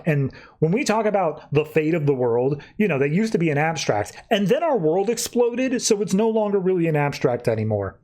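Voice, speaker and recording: A man hosting a podcast, casually recapping comic book plots as a rambling, animated storyteller. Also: fairly high pitch, a little fast, few pauses. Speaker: podcast host.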